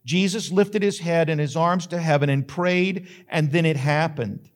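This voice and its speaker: A man's voice: on the high side, normal speed. A male pastor, preaching a sermon that retells a story dramatically and builds to emphatic questions.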